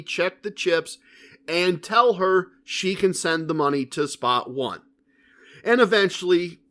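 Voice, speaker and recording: A male podcast host telling a casino story in a casual, animated way and acting out the dialogue. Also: high voice.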